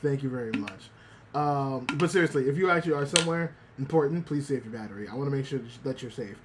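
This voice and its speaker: A man's voice: mid-range voice, lively intonation, quick pace, background noise. A man streaming live, chatting casually with his chat and retelling an anime episode, with many restarts and some swearing. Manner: talks to chat directly.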